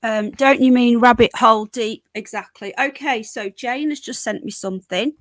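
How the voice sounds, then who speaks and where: A woman hosting a casual livestream chat, her voice going hoarse, clearing her throat often. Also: fairly high pitch, normal speed, dry recording, clean studio sound. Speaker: livestream host. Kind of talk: casual live chat reading comments.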